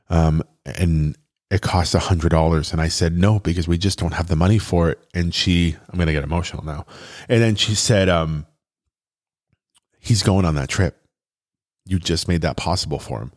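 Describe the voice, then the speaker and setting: A man telling a personal story in an earnest, chatty way, with fillers and restarts, at times getting choked up. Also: sits low.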